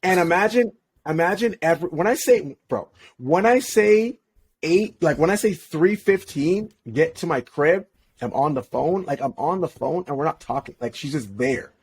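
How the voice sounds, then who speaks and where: Young male podcast guest, lively and slangy, laughs a lot, slightly high voice. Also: normal speed, slightly rough. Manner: animated, slangy, laughs often, restarts sentences. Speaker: podcast guest, relationship coach. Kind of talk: casual storytelling chat.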